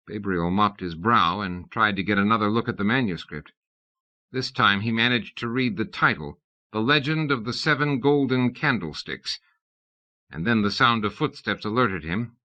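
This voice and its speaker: A man reading a comic fantasy novel aloud as an audiobook narrator, in measured, even storytelling. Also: lowish voice. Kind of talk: scripted narration. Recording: dull lo-fi audiobook recording.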